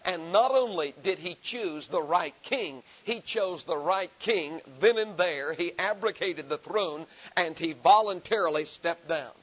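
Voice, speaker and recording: A man preaching a sermon, building emphasis through repeated phrases and reading scripture slowly and deliberately. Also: sits high, a bit bright. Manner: rhetorical repetition, emphatic rising delivery. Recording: dull lo-fi sermon recording.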